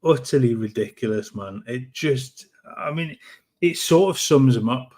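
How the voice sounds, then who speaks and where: A man co-hosting a football podcast, chatting casually and telling animated, incredulous stories. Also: medium pitch, measured pace. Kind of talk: casual chat.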